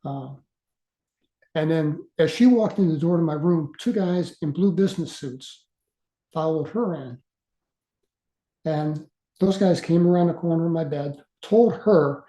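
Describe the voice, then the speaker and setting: Man in his sixties, halting, mellow voice. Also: a little high, reverberant. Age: 60s. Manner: earnest, halting, with frequent uhs and repeated words. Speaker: guest speaker. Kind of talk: casual storytelling.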